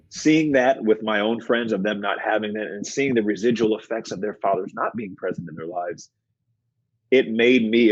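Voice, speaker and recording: A man's voice: fairly low pitch, no echo, muffled recording. A middle-aged man, a guest on an interview show, speaking earnestly and reflectively and repeating phrases for emphasis. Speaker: guest, former pro basketball player and mindset coach. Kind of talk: conversational interview storytelling.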